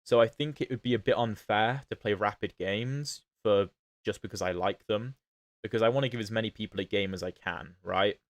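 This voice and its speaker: A chatty British man streams his chess games and answers viewers' questions as he plays. His voice sits fairly low. The sound is dry and close, with no room echo. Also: fairly quick. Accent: British, not fully standard. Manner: chatty, answers chat questions while playing. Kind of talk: casual livestream commentary.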